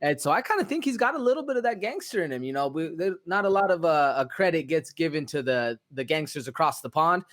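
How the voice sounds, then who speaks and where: A man's voice: on the high side, fast talker, few pauses. Laid-back man chatting about fights. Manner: relaxed, slangy, many fillers. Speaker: podcast co-host. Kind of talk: casual sports podcast chat.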